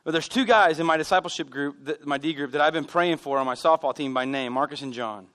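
A man preaching a sermon as pastor, telling animated stories with self-deprecating humor. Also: fairly high pitch, fast talker. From United States. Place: church sanctuary.

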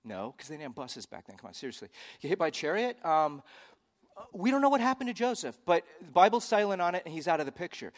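A man's voice: fairly high pitch, long reverb tail. A man pastor preaching a sermon in a conversational way, with joking asides.

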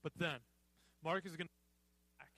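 A man's voice: fairly high pitch, steady tone, moderate pace, pushed and bright, no room sound, rough recording. A man preaching a sermon in a conversational way, often acting out the reactions of people in the story. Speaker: pastor.

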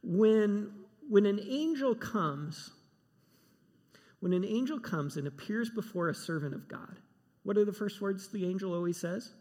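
A man's voice: high-pitched, lively intonation, measured pace, darkish tone. A man preaching a sermon, emphatic and given to repeating himself. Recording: long hall reverb.

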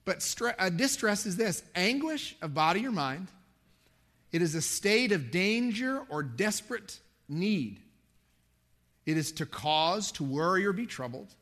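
A man with a high voice preaches a Bible passage in an easygoing, conversational sermon. He pokes fun at himself and lifts his voice to stress a point. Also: a bit bright. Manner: conversational, self-deprecating, rises in pitch for emphasis. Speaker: pastor.

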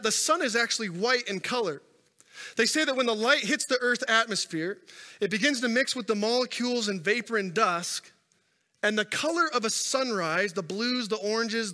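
In a high-pitched, bright and forceful voice, a man preaches as a pastor, letting his stories rise and fall in intensity. The sermon was recorded on a stage microphone in a church sanctuary, with the long reverb of a large hall.

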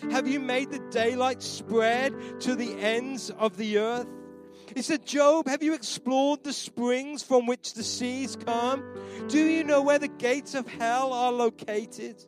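High-voiced preacher over band music. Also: male voice, steady tone, slow pace. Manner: builds from soft, near-whispered pleading to loud, rising proclamation. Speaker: pastor. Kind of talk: sermon. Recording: live church sermon with band playing behind.

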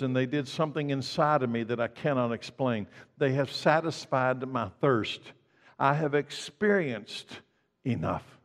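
A man preaching a sermon as pastor, emphatic and swinging from loud declarations to hushed lines. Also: a little high, long reverb tail.

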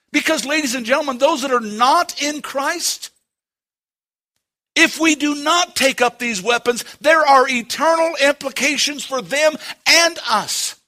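A man preaching a sermon, speaking to the congregation with dramatic pauses and moving between loud and hushed delivery. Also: extremely high pitch. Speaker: pastor. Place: church.

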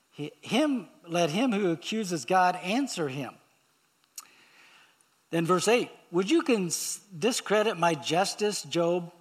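A man preaching a sermon, reading scripture aloud and explaining it in a halting way with pauses and fillers. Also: on the high side, fairly bright tone. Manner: reads scripture aloud, then explains it plainly.

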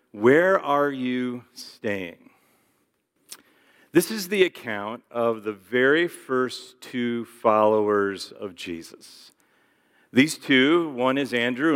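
A man's voice: mid-range voice, a bit bright, smooth, big-room sound. A male pastor giving a casual sermon with joking asides and frequent fillers, in a church sanctuary.

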